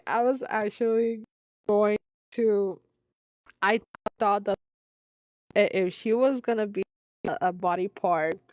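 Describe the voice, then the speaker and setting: Slow-talking giggly woman streamer. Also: medium pitch, fairly even intonation, a little mellow, no room sound, poor audio. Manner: giggly, breaks into frequent laughter. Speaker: live-stream host reading online posts. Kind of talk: casual reading with live commentary.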